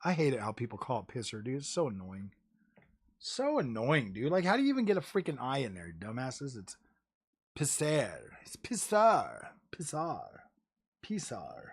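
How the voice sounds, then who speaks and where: A man's voice: mid-range voice, very animated, a little fast, slightly rough. A man streaming live, rambling casually about game consoles, saying "dude" and "bro" a lot and cursing now and then. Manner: jokey, drops into mocking voices. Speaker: gaming streamer. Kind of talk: casual livestream chat.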